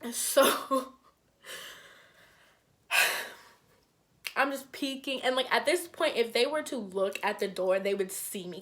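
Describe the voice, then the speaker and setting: A young woman telling a storytime vlog in casual chat, acting out quoted lines with big jumps in her voice and lots of "like" fillers. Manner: animated, acts out quotes with big pitch jumps; frequent "like" fillers, conversational. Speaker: vlogger.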